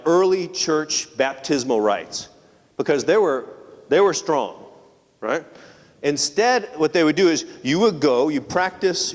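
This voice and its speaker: In a church sanctuary full of long reverb, a fairly high-pitched male pastor preaches in an animated, conversational style, often posing rhetorical questions to the congregation.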